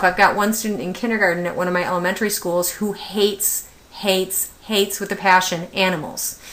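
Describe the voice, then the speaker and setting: A woman's voice: mid-range voice, fairly bright tone. A middle-aged woman, an autism specialist, giving a training lecture to teachers, talking conversationally with many fillers and rhetorical questions.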